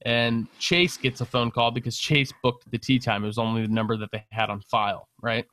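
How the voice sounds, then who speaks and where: A young man casually telling a long story on a podcast, animated, swearing and laughing as he goes. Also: medium pitch, fairly quick. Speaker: podcast co-host.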